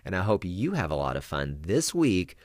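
Deep-voiced man, dramatic storyteller. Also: very animated, dry recording, studio quality. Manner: dramatic storytelling with pauses and sudden hushed whispers. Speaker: podcast host for children's ministers. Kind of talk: podcast teaching on Bible storytelling.

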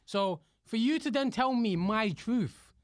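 A fairly high-pitched man, his voice leaping all over as he rants and swears. He is a comedian guesting on a podcast, heated and animated. The studio sound is dry and close. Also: a little slow, dry recording. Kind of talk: casual podcast chat. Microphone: studio mic.

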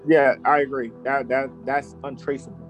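A man at a middle pitch retells a true-crime case in a casual, joking podcast chat. He laughs easily and keeps it loose. Faint music sits under his voice. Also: moderate pace, low-quality recording. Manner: laughs easily, jokey and animated. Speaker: podcast host telling the story.

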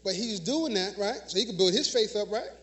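High-voiced emphatic male preacher. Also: animated, a little fast, a bit bright. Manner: emphatic, call-and-response preaching. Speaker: minister. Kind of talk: sermon. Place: church.

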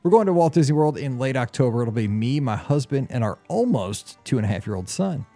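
Male podcast host, mid-pitched, chatty and casual, light music bed. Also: sing-song, a little fast, dark tone. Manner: chatty, reads listener emails aloud.

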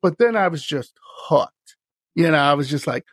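A man hosting a podcast, telling animated stories, often laughing and acting out the voices of the people in them. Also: fairly high pitch, normal speed, slightly rough, no room sound. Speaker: podcast host. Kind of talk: casual storytelling chat.

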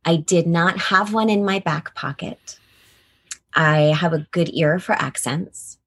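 In a casual interview chat, a middle-aged woman who does voice acting talks animatedly and laughs a lot. She speaks slowly in a lowish voice.

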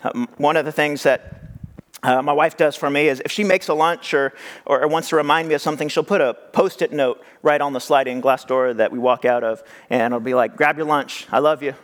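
A man's voice: medium pitch, steady tone, fairly quick. A young adult man preaching a sermon as pastor, talking conversationally and acting out the voices he quotes. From California.

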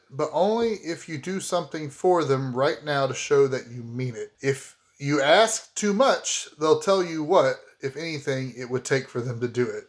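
A man playing a tabletop game, explaining his moves and dice rolls in an animated, joking way. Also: a little high. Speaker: player.

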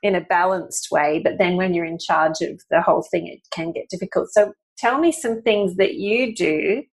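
A woman's voice: fairly low pitch, normal speed, low-quality recording. A woman hosting a casual podcast interview, asking long, rambling questions and often correcting herself mid-sentence. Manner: rambling, self-correcting questions full of "you know". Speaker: podcast host.

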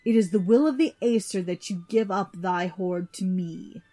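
A woman's voice: mid-range voice, moderate pace, mellow, faint music behind, natural voice. A woman voicing a cunning male trickster god, speaking with sly command in a storybook reading.

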